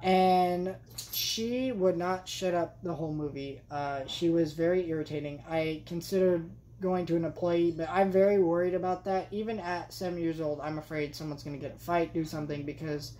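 Young woman venting about a movie, kinda low voice, chatty and fed up, lots of likes and you knows. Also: steady tone, moderate pace, dark tone, a little hiss or hum. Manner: exasperated, chatty, many fillers. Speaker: movie vlogger. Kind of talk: casual movie review rant.

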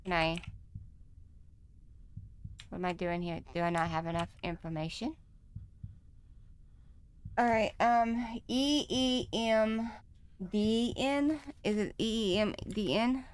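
Woman gamer, mid-pitched voice, thinks out loud while playing a horror game, with faint clicks behind. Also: steady tone, slow pace, long pauses, slight background noise. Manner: talks to herself while playing, nervous and chatty. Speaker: gaming channel host.

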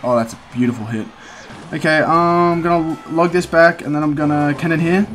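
A man's voice: on the high side, a bit bright, slight background noise. A young man giving casual live commentary on a mobile strategy game as he plays, talking to himself and breaking into frustrated outbursts. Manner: talks to himself while playing, quick swings into frustrated outbursts. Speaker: gaming content creator.

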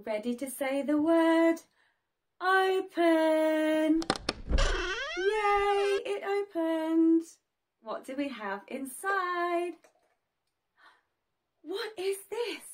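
Very high, slow sing-song woman teacher. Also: sing-song. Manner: slow, sing-song, exaggerated gasps and praise. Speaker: children's teacher. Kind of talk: toddler learning video.

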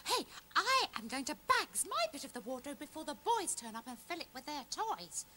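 A woman's voice: high voice, big pitch swings, normal speed, sharp tone, full character voice. A woman voicing a vain, chatty female panda puppet in a children's TV comedy. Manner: chatty and fussy.

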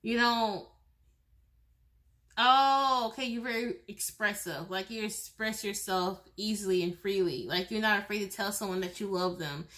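A woman's voice: mid-range voice, normal speed, a bit bright. A woman giving a pick-a-card tarot reading, speaking directly to the viewer in a chatty way, repeating herself, restarting sentences and laughing often. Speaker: tarot reader.

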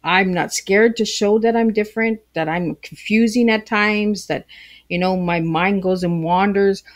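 A woman's voice: medium pitch, unhurried. A woman from Canada, a podcast guest speaking on a video call from her tea room at home, chatty and rambling in a playful way. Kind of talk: casual interview conversation.

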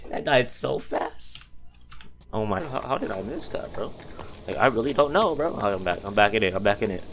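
A man's voice: on the low side, very animated, fast, a little hiss or hum. Jumpy young man commenting on gameplay. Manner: jumpy, easily startled, says "bro" constantly. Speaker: gaming youtuber.

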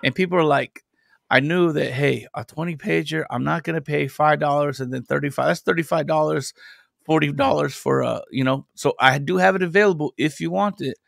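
Gravelly-voiced man telling a rambling story. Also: on the high side, brisk, fairly bright tone, dry recording, studio quality. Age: adult parent. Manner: rambling storyteller, loose and conversational. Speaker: podcast guest, independent comic creator. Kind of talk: casual chat.

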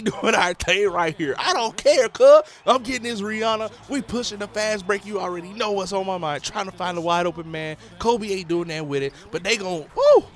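A man, a father, giving excitable, slangy play-by-play commentary over his own video game session. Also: high-pitched. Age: adult, a parent. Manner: excitable, slangy hype talk. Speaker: gaming YouTuber.

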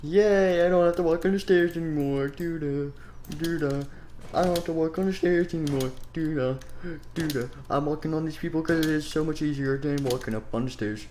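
A man's voice: on the high side, brisk, hardly any pauses, darkish tone, a little hiss or hum, pitched above the performer's own voice, natural voice. A man voicing a goofy male animatronic rabbit in an improvised game role-play, rambling and muttering to himself while he works. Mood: playful.

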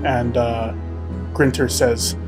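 A man in the game master's seat narrates the scene at a mid pitch, with a faint musical bed under his voice. He describes things at length, pausing with ums and uhs. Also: level tone, over music. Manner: descriptive, with filler words.

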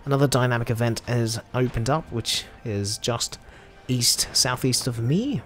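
A man's voice: mid-range voice, a little slow, a little hiss or hum. A man with an Australian accent giving chatty, jokey commentary over his own gameplay. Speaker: gameplay video host.

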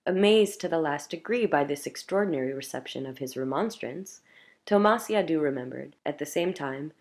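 A woman reading a classic short story aloud in a measured, clear narration. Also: low-pitched, darkish tone. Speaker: audiobook reader.

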